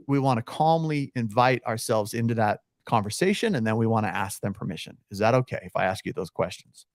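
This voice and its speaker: A man's voice: medium pitch, no echo, clean studio sound. A man being interviewed on a podcast as a real estate coach, energetically acting out phone scripts. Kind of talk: podcast interview, coaching with role-played calls.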